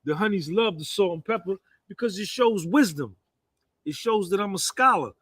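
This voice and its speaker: A man's voice: sits high, expressive, normal speed, a bit bright, slightly rough, no room sound. A man, giving a boastful, rambling monologue that keeps circling back on itself. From New Jersey, US. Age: 50s. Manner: rambling, repeats "you understand".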